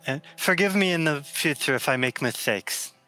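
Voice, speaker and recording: Guy in a tabletop game talking all proper and polite, bright edgy tone, bit of music behind. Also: fairly high pitch, expressive, moderate pace. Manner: formal, polite, hesitant phrasing. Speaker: player. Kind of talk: in-character tabletop role-play.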